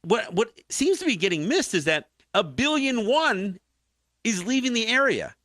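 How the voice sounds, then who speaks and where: A man's voice: high-pitched, moderate pace, no room sound, studio quality. A man hosting a political talk show, arguing a point with passion and many restarts. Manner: animated, impassioned commentary with frequent restarts.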